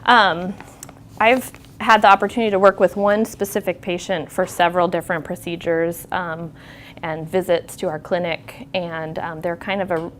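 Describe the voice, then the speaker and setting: A woman's voice: on the low side, flat delivery, moderate pace, fairly bright tone, a little hiss or hum. A woman nurse giving a candid, conversational talk to an audience, telling stories from her clinic work in a reflective way.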